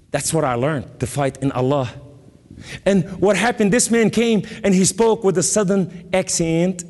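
A man delivers a fervent testimony from the pulpit, his voice sitting a little high for a man and jumping upward for emphasis. Long reverb trails behind each phrase in a big hall. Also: a little mellow. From Lebanon. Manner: emphatic, with sudden rises and dramatic pauses. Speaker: guest preacher. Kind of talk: impassioned testimony sermon.

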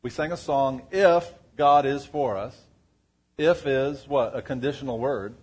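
A man is preaching in a church to a live congregation. His delivery is conversational, and he keeps asking the listeners questions and waiting for an answer. His voice sits at an ordinary middle pitch. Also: measured pace, darkish tone, slightly rough. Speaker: pastor. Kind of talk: sermon.

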